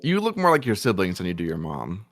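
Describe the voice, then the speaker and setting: A man streamer chatting casually about a trip, animated and teasing as he asks questions. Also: low voice, quick pace. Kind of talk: casual chat. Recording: faint music behind.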